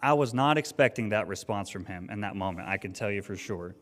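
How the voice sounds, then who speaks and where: A man's voice: on the low side, expressive, brisk, fairly bright tone. A man preaching a sermon, telling a personal story in an earnest, conversational way with frequent restarts. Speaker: pastor. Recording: long reverb of a hall.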